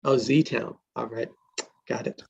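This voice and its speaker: A man hosting a casual online script-reading session and prompting the others in a relaxed way, heard over a video call. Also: mid-range voice, unhurried, vocal fry, slightly rough, dull audio. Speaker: host. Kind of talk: casual group chat.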